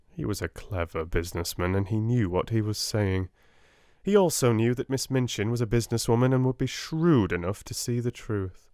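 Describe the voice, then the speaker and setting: A man with a British accent narrating a classic children's novel in an expressive storytelling manner. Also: on the low side, moderate pace, no echo, clean studio sound. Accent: British English. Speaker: audiobook narrator. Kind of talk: unabridged audiobook narration.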